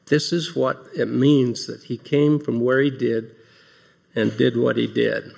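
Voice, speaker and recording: Gravelly-voiced man giving a devotional talk. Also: mid-range voice, steady tone, a little slow, darkish tone. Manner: earnest, asks rhetorical questions; reads scripture passages aloud. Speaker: speaker giving opening remarks. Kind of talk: devotional talk to a large audience.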